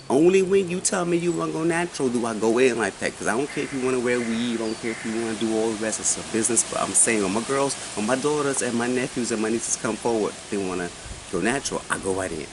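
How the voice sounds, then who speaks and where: A man in his forties telling a personal story in casual chat, animated and often asking his listener questions. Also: medium pitch, fast talker. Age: 40s. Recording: noisy recording.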